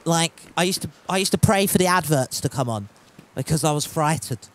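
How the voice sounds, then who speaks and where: A man's voice: on the high side, expressive, a little fast. A man chatting casually while streaming a game from home, reading chat aloud and swearing freely.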